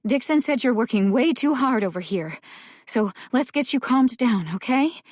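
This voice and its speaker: A woman voicing a gentle female paramedic who hushes and soothes a frantic boy in an audiobook. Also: a little high, animated, normal speed, no echo, clean studio sound, pitched above the performer's own voice. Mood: soothing.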